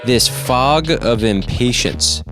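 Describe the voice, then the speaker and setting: A man hosting a radio show, chatting casually and telling animated stories. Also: mid-range voice, slow, over music. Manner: animated, storytelling.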